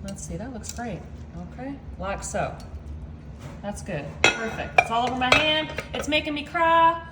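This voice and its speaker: A woman hosts a home cooking video. She chats in a folksy, friendly way straight to her viewers, and her voice sits high. Her kitchen sounds echoey, with faint room noise behind her. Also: a little slow. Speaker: home cooking channel host. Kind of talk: casual cooking demo chat.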